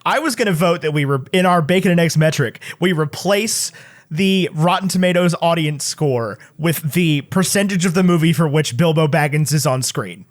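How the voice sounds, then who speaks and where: Male podcast co-host, jokey and teasing, higher-pitched voice. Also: normal speed, no room sound. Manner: joking, teasing. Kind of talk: casual chat.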